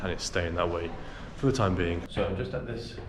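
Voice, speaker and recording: A man's voice: low voice, fairly quick. Rambling young man vlogging outdoors. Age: young adult. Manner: rambling, chatty, self-mocking. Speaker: travel vlogger. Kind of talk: casual travel vlog. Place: outdoors around a town and driving a car. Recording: noisy outdoor camera audio. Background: street ambience and vehicle noise.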